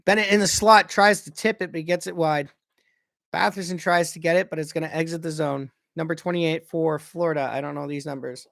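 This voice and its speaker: A young man gives casual, excitable play-by-play of a hockey game as a fan, often stopping to correct himself about who has the puck. His voice sits a little high with a gravelly edge. The sound is dry and close. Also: fairly quick, no room sound. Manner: excitable, self-correcting, unsure of player names. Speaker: fan commentator.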